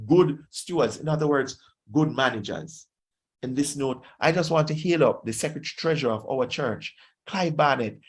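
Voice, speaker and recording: A pastor with a Jamaican accent preaching a sermon, exhorting his listeners and slipping into Patois phrases. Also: fairly high pitch.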